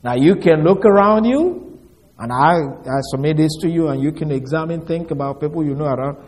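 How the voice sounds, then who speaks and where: A man preaching a sermon, reading scripture and explaining it slowly and deliberately, word by word. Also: fairly high pitch, a little mellow.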